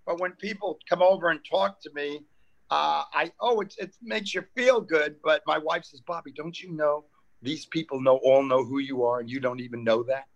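A man's voice: on the high side, normal speed, creaky, dull audio. An older man from New York, a comedian chatting casually and acting out the people in his stories. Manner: animated storyteller acting out quoted exchanges. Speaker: comedian guest. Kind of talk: casual storytelling chat.

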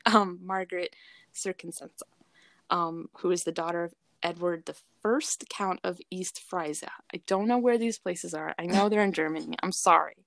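A woman with a low, gravelly voice chatting casually as a podcast co-host. She talks in a loose, hesitant way and fills her sentences with ums and likes. The sound is dry and close. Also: moderate pace, a bit bright, no room sound. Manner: chatty, hesitant with many fillers. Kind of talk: casual chat.

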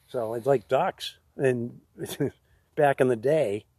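A man tells rambling stories in a casual podcast chat. His voice is husky and sits at a middle pitch. He laughs his way through the tale, close to a dry-sounding mic. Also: takes it slowly, warm tone, no room sound. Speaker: podcast co-host.

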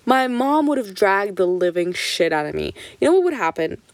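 A woman's voice: mid-range voice, no room sound. A young woman telling childhood stories in a casual vlog, swearing freely and filling her sentences with "like". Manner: swears freely, heavy on "like" fillers; animated, jumps between quick and drawn-out phrases. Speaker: vlogger. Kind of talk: casual storytelling.

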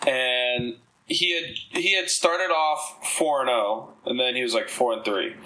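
Bright-voiced man, rambling and profane. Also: mid-range voice, measured pace, poor audio. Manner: rambling, profane, laughs while telling stories. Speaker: comedian guest. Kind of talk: casual podcast chat.

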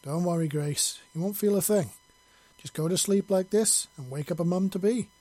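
A man voicing a calm, confident doctor with a gravelly voice in a storybook reading. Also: high-pitched, normal speed, dry recording, pitched above the performer's own voice. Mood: soothing. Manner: soothing, playful.

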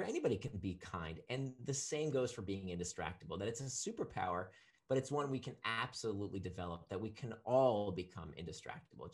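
This man is a guest author on a podcast, and he talks in an even middle register. He laughs easily and restarts his words whenever he gets excited. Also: medium pitch. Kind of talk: podcast interview.

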